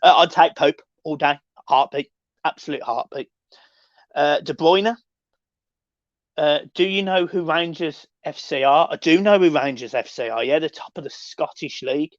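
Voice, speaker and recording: Man, stream host, sweary banter, fairly high voice, dull dry lo-fi audio. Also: normal speed, dry recording. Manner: sweary, banter-heavy, excitable. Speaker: livestream host reading chat. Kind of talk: casual live chat.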